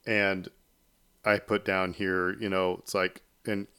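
A man hosting a casual podcast, his voice a touch low and smooth. He rambles through his points with plenty of ums, restarts and asides. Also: flat delivery, slow, sharp tone. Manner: rambling, many fillers and restarts. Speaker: podcast host. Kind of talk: casual chat.

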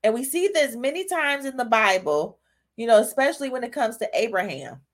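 A woman's voice: fairly high pitch, expressive, brisk. A woman hosting a casual devotional talk, talking straight to her listeners and growing emotional. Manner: conversational, asks listeners "y'all" and "right?", grows emotional. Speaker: podcast host giving a devotional talk.

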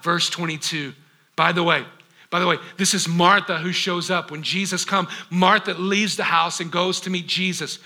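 A man preaching a sermon, asking rhetorical questions and acting out scripture with dramatic pauses and sudden hushed drops. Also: sits high, fairly even intonation. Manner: rhetorical questions, acts out biblical quotes. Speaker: pastor.

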